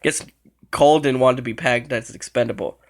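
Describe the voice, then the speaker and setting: A man's voice: medium pitch, a little fast. A man giving casual reaction commentary on show clips, laughing often between lines and swearing casually.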